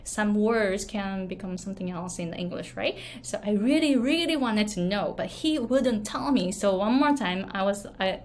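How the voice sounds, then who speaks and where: Speaking to the camera with a Japanese accent, this woman coaches on online business and pronunciation through casual storytelling. Her medium-pitched, darkish voice has lively intonation, a moderate pace and few pauses, peppered with fillers and tag questions, over slight background noise.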